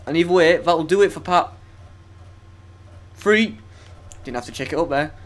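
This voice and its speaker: A man's voice: a little high, lively intonation, moderate pace. Foul-mouthed young man gaming. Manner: profane, sarcastic and self-mocking. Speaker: let's play gamer. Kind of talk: gameplay commentary.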